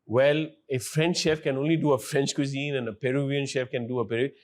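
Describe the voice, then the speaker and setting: A man hosting an interview, leading questions, offering his own views and quick "hmm"s and "right?"s. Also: mid-range voice, steady tone. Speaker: interview host. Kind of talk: conversational interview.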